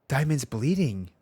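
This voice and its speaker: A man streaming a game reaction rant, excitable and profane, constantly calling out bro and dude. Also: a little high, breathy edge. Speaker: gaming streamer. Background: game music.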